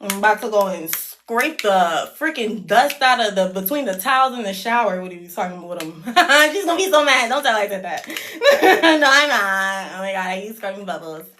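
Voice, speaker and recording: A woman hosting a casual beauty livestream from home, chatty and excitable, full of slang and swearing. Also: mid-range voice, moderate pace, slight background noise.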